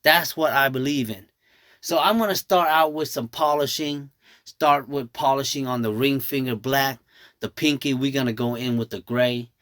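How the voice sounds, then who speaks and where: A man's voice: medium pitch, normal speed, a bit bright, no echo, clean studio sound. A man in his thirties, a nail artist whose first language is Thai, chatting through a nail tutorial and telling stories, calling his viewers y'all. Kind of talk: casual storytelling tutorial.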